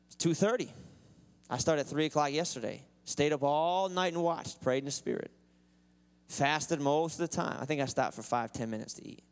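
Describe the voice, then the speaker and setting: Guy preaching in church, kinda high voice, tells his story then gets loud and sing-songy. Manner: builds to loud, sing-song preaching at climaxes. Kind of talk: sermon.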